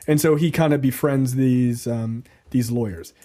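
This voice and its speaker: A man's voice: mid-range voice, unhurried, mellow. A man hosting a casual movie review podcast, recapping the plot in a loose, profane, joking way. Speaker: podcast host reviewing a film. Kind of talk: casual chat.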